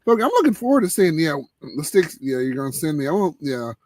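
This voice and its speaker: A man hosting a live cigar show in casual chat, laid-back and laughing, trailing off into low murmurs. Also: big pitch swings, a little fast, darkish tone, a little hiss or hum.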